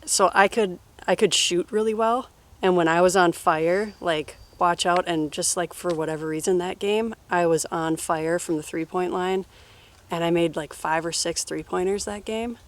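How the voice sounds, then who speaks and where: A woman in her thirties answering personal questions in a relaxed, rambling way, full of fillers and laughs. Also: on the low side, moderate pace. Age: 30s. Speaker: interviewee. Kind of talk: casual personal Q&A.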